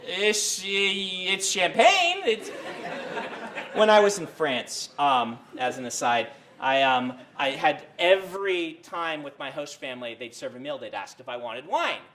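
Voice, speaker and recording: A man's voice: medium pitch, lively intonation, unhurried, a bit bright. A man giving a casual university writing lecture, rambling with lots of fillers and restarts. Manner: rambling, many fillers and self-corrections.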